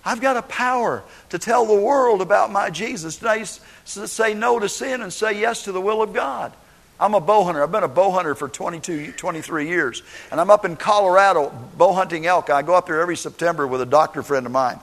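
A middle-aged man preaching a sermon, telling personal stories in an animated way and acting out the quotes. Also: sits high, a little fast. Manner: animated storytelling, acts out quotes. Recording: long hall reverb.

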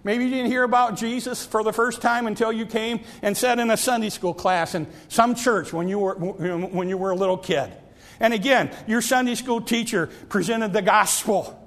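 High-voiced preacher with slow emphatic drops. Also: male voice, fairly bright tone. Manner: drawn-out emphatic phrases, dropping to near whispers; repeats phrases and stumbles on restarts. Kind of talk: sermon.

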